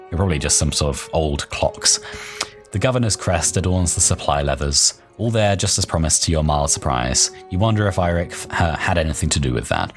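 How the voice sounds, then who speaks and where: A young man hosting a let's play, reading game text aloud and chatting in an amused, thinking-aloud way. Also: rumbling low. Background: faint game soundtrack.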